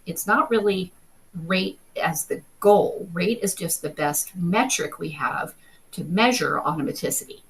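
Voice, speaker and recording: Husky-voiced woman explaining reading fluency. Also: fairly low pitch, low-quality recording. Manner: clear explanatory teaching, steady and measured. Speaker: literacy researcher presenting a webinar. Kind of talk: webinar presentation.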